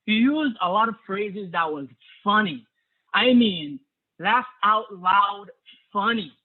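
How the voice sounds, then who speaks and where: A man's voice: high voice, expressive, measured pace, breathy edge. A man giving an enthusiastic spoken evaluation of a club speech over a video call. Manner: enthusiastic, praising. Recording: tinny phone-like audio.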